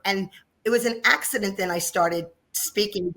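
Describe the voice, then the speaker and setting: In a casual interview, a fifty-something New Jersey woman who runs a dance studio chats and shares stories with frequent laughs. She speaks at a moderate pace in a lowish, slightly bright voice.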